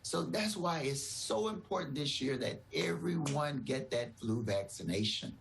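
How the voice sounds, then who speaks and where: A man's voice: fairly high pitch, expressive, unhurried, creaky, background noise. A man, a doctor, giving earnest, reassuring explanations in a TV news interview.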